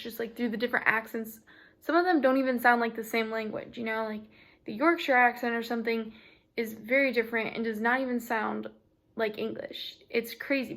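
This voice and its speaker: A young woman talks through a class presentation in a loose, chatty way, dropping "you know" and "like" at every turn. Her voice sits a little high and slides into a gravelly fry at the ends of phrases. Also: fairly bright tone. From United States. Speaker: student presenter.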